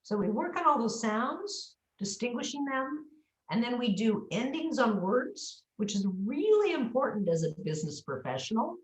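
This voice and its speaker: A woman's voice: fairly high pitch, normal speed, a little hiss or hum. A woman speech coach talking on a video call, explaining pronunciation and sounding words out as examples. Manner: animated, demonstrates pronunciation aloud. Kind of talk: coaching interview. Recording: echoey room.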